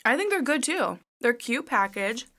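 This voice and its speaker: A woman co-hosting a casual chat, telling stories in a chatty, animated way while she eats. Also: a little high, moderate pace. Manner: chatty, animated storytelling with laughs.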